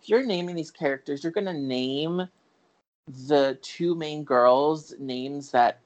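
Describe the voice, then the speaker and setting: A man talking loosely through a film review on a podcast, circling his points with fillers and false starts. He is candid and swears now and then, in a relaxed, unscripted chat. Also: a little high, slow. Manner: rambling, full of fillers and restarts. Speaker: podcast co-host.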